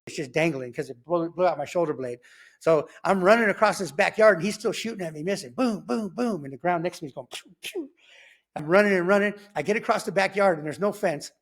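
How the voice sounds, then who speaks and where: A man casually telling his own story in slangy talk, acting out sounds like gunshots as he goes. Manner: animated, slangy, acts out sounds like "boom" and "pow". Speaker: guest telling his testimony.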